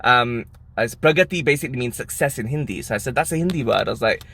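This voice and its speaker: Fast-talking animated male storyteller. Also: medium pitch. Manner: animated, amused, breaks into laughter. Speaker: vlogger. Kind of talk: casual storytelling.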